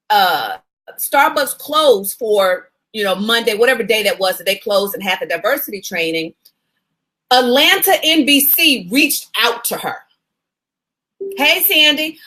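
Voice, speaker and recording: Lively, bright-voiced woman media coach. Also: sits high. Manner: chatty, animated, greets viewers by name. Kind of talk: casual live video chat. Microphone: phone.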